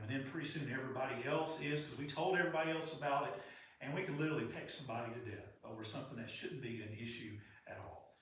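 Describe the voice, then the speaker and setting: A man's voice: medium pitch, fast, a bit bright. A man preaching a sermon in a church in an earnest, conversational way. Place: church sanctuary. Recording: echoey hall from far off.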